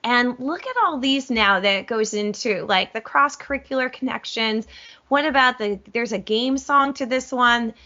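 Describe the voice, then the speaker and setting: Bright, gushing woman music teacher. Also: on the high side, normal speed, dull audio. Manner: animated, gushing, self-aware asides. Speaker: music teacher presenting a curriculum. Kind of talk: enthusiastic webinar demo.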